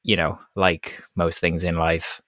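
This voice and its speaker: A man co-hosting a podcast, talking in a relaxed, halting way with many restarts. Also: sits low, no room sound, studio quality. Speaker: podcast co-host. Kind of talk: casual podcast chat.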